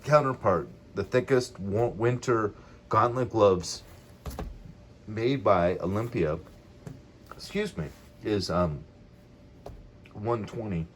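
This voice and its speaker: A man's voice: fairly low pitch, takes it slowly, long pauses, a little hiss or hum. A middle-aged man casually reviewing gear in a vlog, rambling and drifting off on tangents.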